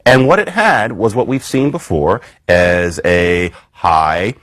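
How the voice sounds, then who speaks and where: A man giving a recorded academic lecture in a wry, conversational way, jumping up high in pitch for emphasis. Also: slow, fairly bright tone, no echo. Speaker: university lecturer.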